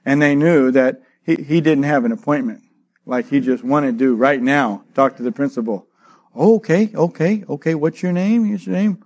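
A middle-aged man preaching, telling a childhood story with lively acted-out voices. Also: medium pitch, moderate pace. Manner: animated storyteller, acts out voices, laughs often. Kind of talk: sermon with a personal story.

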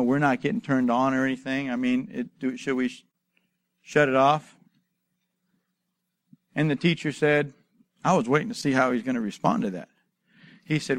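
A man preaching a sermon, telling stories and asking rhetorical questions, building to loud, emphatic exhortation. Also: mid-range voice, no room sound. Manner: storytelling with acted asides and rhetorical questions. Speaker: pastor.

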